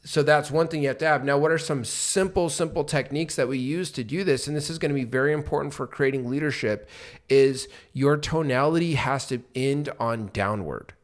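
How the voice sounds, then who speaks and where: A man co-hosting a business podcast, teaching with lively examples and acting out rising and falling tones. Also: medium pitch, a little fast. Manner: animated, acts out rising and falling tones to make points. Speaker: podcast co-host. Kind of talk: coaching podcast talk.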